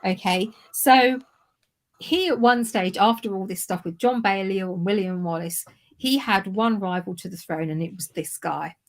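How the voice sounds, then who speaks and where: A woman's voice: medium pitch, moderate pace. Rambling woman telling history casually. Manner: rambling, self-correcting, laughing at herself. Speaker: history livestream co-host. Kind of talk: casual chat.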